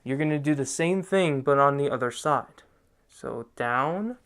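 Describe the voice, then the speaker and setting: A man's voice: medium pitch, lively intonation, a bit bright, smooth. A young man hosting a dance tutorial, giving step-by-step instructions and checking in with "okay?" after each move. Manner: repeats "okay?" to check in, counts out moves slowly.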